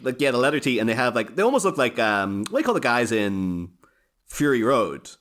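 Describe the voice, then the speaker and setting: A man's voice: medium pitch, very animated, a little fast, a bit bright. A man co-hosting a casual podcast chat over a remote call, rambling through his points and often laughing as he explains. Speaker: podcast co-host.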